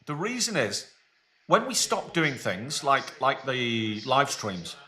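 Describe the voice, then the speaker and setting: A man's voice: medium pitch, big pitch swings, slow, sharp tone. A man co-hosting a live football watchalong, chatting and calling the play as it happens. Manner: calls the match play by play between chat. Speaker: co-host.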